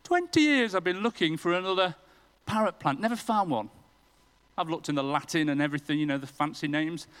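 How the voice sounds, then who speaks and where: A man's voice: fairly high pitch, brisk, a bit bright, low-quality recording. A man preaching a sermon in a church, telling a personal story with self-deprecating humour.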